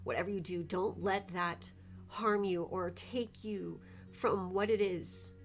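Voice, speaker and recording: A woman's voice: lowish voice, fairly even intonation, takes it slowly, faint music behind. An effusive young woman reads tarot cards for viewers, her talk loose and heartfelt. She swears casually and keeps reacting to the cards as she goes. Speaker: tarot reader.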